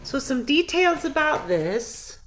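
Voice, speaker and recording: High-voiced woman voice teacher. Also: sing-song, slow pace. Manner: patient, explains then sings phrases. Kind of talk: singing lesson walkthrough.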